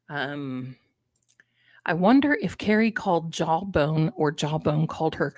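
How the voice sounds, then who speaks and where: Deep-voiced and expressive, an older woman speaks slowly with long pauses and a darkish tone, free of echo. She hosts a live tarot and commentary stream, chatting casually and drifting into personal stories as asides.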